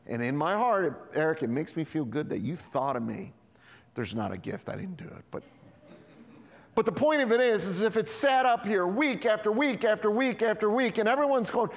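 Preaching as pastor in a reverberant church hall, a man speaks fairly quickly in a voice that sits high. His sermon is full of lively stories in which he acts out the voices of the people involved.

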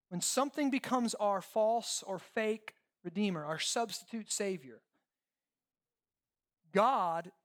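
A pastor in full sermon mode at a middling pitch. The delivery is emphatic and repetitive, stacking phrases into long lists, asking rhetorical questions, and tagging lines with "okay?" and "right?". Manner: checks in with listeners often ("okay?", "right?").

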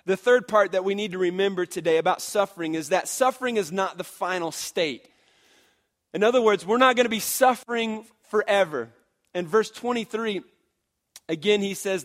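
A male pastor in his thirties delivering a sermon in a voice that sits high for a man. He moves between loud, emphatic passages and hushed, confiding storytelling, often restarting with "and, and". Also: lively intonation, normal speed.

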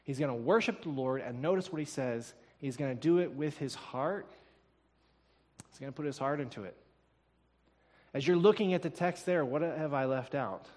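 Male preacher with a high voice, emphatic delivery that climbs to loud declarations, recorded in a reverberant church. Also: normal speed. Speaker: pastor. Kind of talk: sermon. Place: church sanctuary. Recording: long reverb of a church hall.

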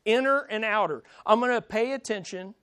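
A man pastor preaching a sermon, asking rhetorical questions and pausing for emphasis. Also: sits high, a bit bright, clear, resonant tone, no room sound, clean studio sound.

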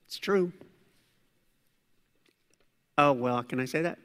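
A man preaching a sermon as pastor, animated, swinging between loud preaching and quiet asides. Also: fairly high pitch, slow. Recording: long hall reverb.

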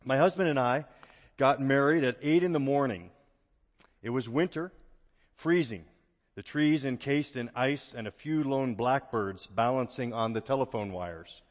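A male pastor beginning a sermon, reading a story aloud in a steady storytelling manner. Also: medium pitch, a little slow, big-room sound. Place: church auditorium.

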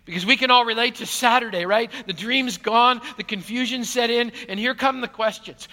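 A male pastor preaching an Easter sermon, animated, swinging from loud emphasis to hushed lines. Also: very high voice, normal speed, hardly any pauses. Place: large church auditorium. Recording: long hall reverb.

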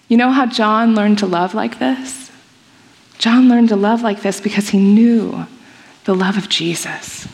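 A woman's voice: a little high, unhurried, vocal fry, a little mellow. A woman preaching a sermon, telling a story earnestly and acting out the voices in it before reading scripture aloud. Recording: long hall reverb.

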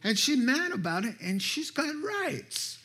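A man's voice: very high-pitched, very animated, a little slow, bright, forceful tone. A man preaching a sermon, telling a story in an emphatic way and often asking his listeners "right?".

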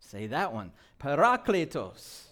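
Male pastor delivering a sermon in a church. High, lively voice, slow deliberate pace, playful asides. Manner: animated preaching with call-and-response prompts; light humor, laughs at his own jokes.

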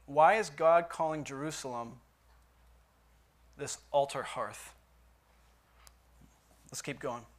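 A man's voice: a little high, slow pace, long pauses. A man teaching a Bible study lesson in a conversational way, asking his listeners questions and reading scripture aloud with emphasis.

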